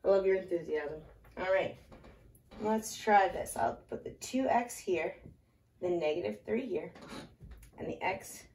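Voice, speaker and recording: A woman teaching a relaxed math lesson, talking through each step aloud and stopping to chat with a small child in her arms. She sounds a little out of breath. Her voice rings in an echoey room and comes from some distance off the mic. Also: lowish voice, unhurried, long pauses. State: slightly out of breath. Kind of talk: casual math lesson at a whiteboard.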